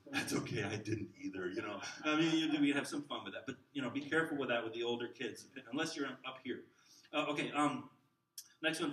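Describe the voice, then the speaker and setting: A middle-aged man teaching a workshop on talking with children, lively and joking, acting out examples in different voices. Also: medium pitch. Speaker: children's ministry trainer. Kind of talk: teaching a workshop to a live group. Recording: roomy hall sound from a distant mic.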